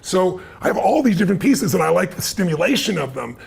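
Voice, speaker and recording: Brief: middle-aged American man, gravelly and husky, emphatic interview guest with a fairly high voice. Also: fast. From United States. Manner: emphatic and energetic, with repeated short sentences. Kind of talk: animated storytelling in an interview.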